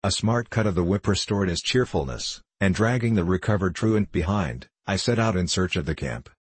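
A man reading a classic travel memoir aloud as an audiobook narrator, in a measured, even storytelling manner. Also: low-pitched, breathy edge, no room sound. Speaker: audiobook reader.

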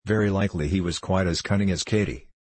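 A man reading an audiobook, voicing a patient mother who speaks in a measured, gently admonishing way. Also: low-pitched. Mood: grave.

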